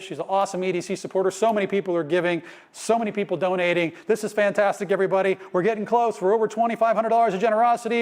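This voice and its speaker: A man hosting a virtual charity auction from home, upbeat and joking as he hypes the bidding. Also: high-pitched. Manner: upbeat, joking, rapid-fire hype. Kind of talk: live virtual auction calling.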